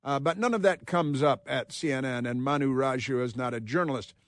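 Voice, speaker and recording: A man hosting a talk radio show, delivering combative, sarcastic commentary with frequent halting restarts. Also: mid-range voice, no echo, studio quality.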